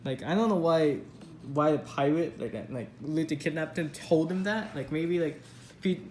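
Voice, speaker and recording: A woman's voice: deep voice, moderate pace, mellow, slight background noise. A woman casually rambling over her old story, mocking herself with lots of fillers. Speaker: vlogger.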